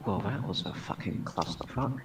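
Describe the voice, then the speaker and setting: A man chats casually as a player in a tabletop game, laid-back and joking. His voice is deep and gravelly, picked up from a distant mic with faint hiss behind it. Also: expressive, moderate pace.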